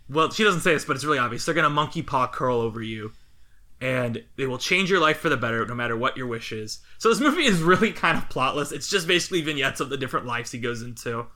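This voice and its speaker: Bright, rambling male podcast host. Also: medium pitch, expressive, fast. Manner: rambling, laughs often. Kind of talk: casual podcast chat.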